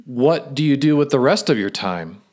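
A self-assured, pushy businessman, as a man reading a story puts him on, laying out his plans in a brisk, lecturing way. His voice sits in an ordinary middle range, and the read comes across as an amateur storybook telling. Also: mid-range voice, lively intonation, darkish tone, voice pushed up, natural voice. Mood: pushy, smug.

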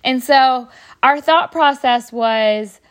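A woman's voice: high voice, slow pace, clean tone. Chatty woman telling stories. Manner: rambling, chatty, many fillers and restarts. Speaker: podcast host. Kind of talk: casual storytelling.

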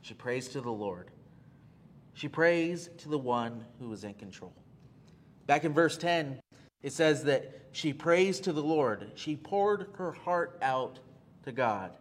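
A man's voice: mid-range voice, animated, measured pace. A male pastor preaching a sermon, earnest and repeating key phrases for emphasis, with frequent "uh" fillers.

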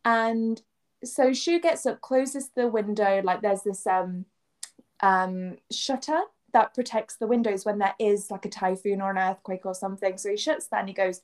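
An English woman co-hosting a podcast tells stories in casual conversation, speaking at medium pitch and moderate pace. She's an animated storyteller who acts out quotes and sound effects.

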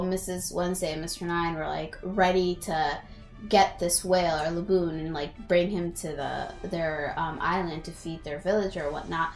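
Easygoing woman in an echoey room. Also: fairly low pitch. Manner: easygoing listener with lots of short agreements. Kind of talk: casual chat about an anime.

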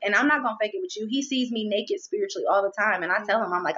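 An animated woman talks candidly about her faith, acting out the voices in her head. Her pitch sits in an ordinary middle range. The recording sounds a little dull and muffled. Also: very fast, few pauses. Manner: animated, expressive, acts out inner dialogue. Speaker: guest, merch business owner.

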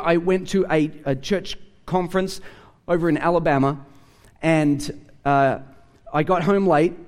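A man's voice: fairly high pitch, a little mellow. A man with an Australian accent, a pastor preaching a conversational sermon and telling a story with acted-out dialogue.

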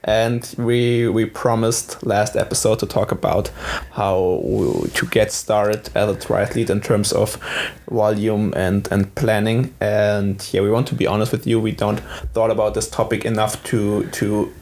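Halting, lower-voiced male podcast co-host. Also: steady tone, gravelly, a little mellow. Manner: halting, repeats words when starting. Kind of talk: casual podcast chat.

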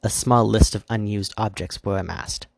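A man reading a fairy-tale story aloud in a measured, gently expressive way. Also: on the low side, vocal fry, breathy edge, dry recording. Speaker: reader. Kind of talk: storybook narration with character voices.

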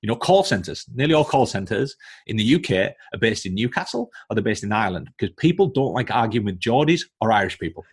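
A man's voice: fairly low pitch, sing-song, fast talker, husky. A man with a Northern English accent, a coaching mentor explaining his views bluntly in a casual podcast conversation. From Northern England. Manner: blunt, lecturing with examples. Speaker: coaching business mentor, guest.

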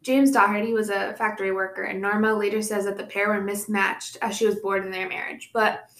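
A woman's voice: mid-range voice, little pitch movement, a little fast, fairly bright tone. Chatty young woman recounting a true-crime case. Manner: reads the case with chatty asides and laughs. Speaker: podcast co-host presenting the case. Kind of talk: casual true-crime podcast storytelling. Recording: echoey room.

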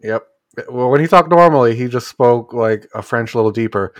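Bantering with friends on a podcast, a man tells a story in an animated, joking, profane way. His mid-range voice moves a little fast, and there's no room sound.

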